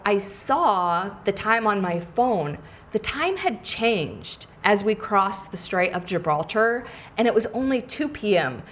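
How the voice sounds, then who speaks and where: A woman host tells a personal travel story in an easygoing, conversational way. She pads her sentences with "like" and acts out the lines of the people she met. Her pitch stays in a middle range. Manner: chatty, many "like" fillers, acts out quotes. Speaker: podcast host and coach. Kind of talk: casual storytelling.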